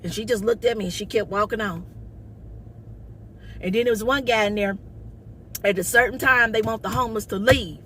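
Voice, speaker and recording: A woman's voice: medium pitch, a little fast, long pauses, a little hiss or hum. Sassy woman telling a story. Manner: sassy, loud, calls viewers baby and honey. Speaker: comedian. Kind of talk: casual storytelling vlog.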